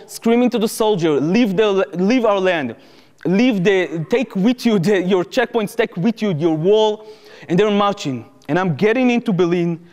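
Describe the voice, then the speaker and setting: A young adult man from Israel with an Israeli accent, telling a personal story to an audience in an animated way, acting out what people said, in non-native English. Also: high-pitched. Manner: animated, acts out quoted speech, non-native phrasing. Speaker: former soldier giving testimony. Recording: reverberant hall, live talk.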